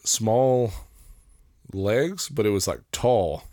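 A man, telling a hunting story in a relaxed casual podcast chat. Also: on the low side, extremely slow, dry recording, clean studio sound. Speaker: podcast co-host.

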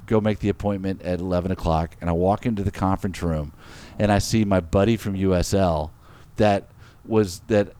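A middle-aged man with a fairly low voice tells a story in casual conversation. He jumps into the quoted voices and laughs easily. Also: clean tone, dry recording. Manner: animated, laughs often, acts out quotes. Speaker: co-host telling a story.

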